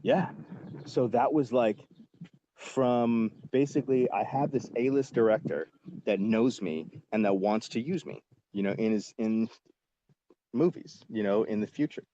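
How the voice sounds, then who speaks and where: A man in his forties, a guest actor on a podcast, telling a casual and lively story with lots of fillers and the odd swear word. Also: mid-range voice, unhurried, highs cut off.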